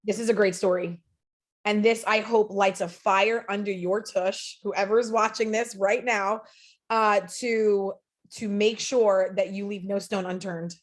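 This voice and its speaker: A woman's voice: mid-range voice, steady tone, a little slow. A woman speaking as a podcast guest, telling a story in an earnest, emphatic, motivational way. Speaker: podcast guest, sales leader.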